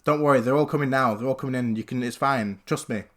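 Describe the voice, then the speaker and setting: A man's voice: medium pitch, fast, a bit bright, lightly acted. A man voicing a confused, very drunk young man who stammers and slurs his reassurances.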